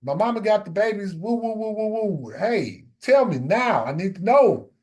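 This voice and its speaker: A man voicing his impatient young wife in an insistent, rapid-fire way as he retells a story. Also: sits high, expressive, darkish tone, voice pushed up.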